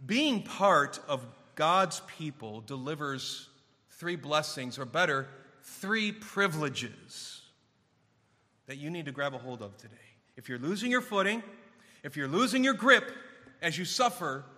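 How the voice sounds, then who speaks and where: Emphatic high-voiced preacher in reverberant hall. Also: male voice, expressive, measured pace, sharp tone. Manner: emphatic, building to raised intensity then dropping low. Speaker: pastor. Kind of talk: sermon.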